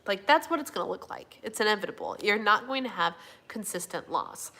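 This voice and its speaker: A woman hosts a relaxed live stream and reads out comments from her viewers. Her voice is bright and forward, with a loose, chatty delivery full of "um"s and "like"s. She slips in an easygoing "y'all" now and then. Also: medium pitch, brisk. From Minnesota, USA. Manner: chatty, fillers and yawning, says y'all. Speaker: livestream host. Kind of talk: casual live chat reading viewer comments.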